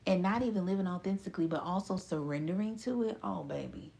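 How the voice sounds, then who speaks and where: A woman delivers a loose, profane pep talk to her listeners. Her voice sits low with a gravelly fry and a dark, mellow tone. She laughs between lines and stretches some phrases out slowly before rushing others. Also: a little hiss or hum. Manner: profane, laughing, swings between drawn-out and rushed. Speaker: spiritual reader. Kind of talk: casual motivational monologue.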